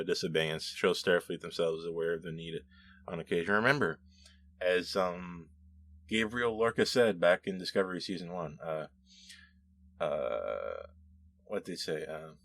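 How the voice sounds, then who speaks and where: A man's voice: low-pitched, normal speed, sharp tone, slight background noise. A man hosting a show, casually reading and answering viewer comments in a rambling, self-correcting way with frequent laughs.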